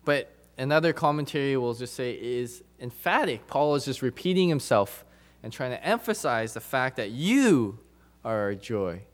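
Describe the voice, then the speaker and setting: A man preaching a sermon to his congregation, emphatic, repeating phrases for stress and moving between loud and soft passages. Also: mid-range voice, normal speed.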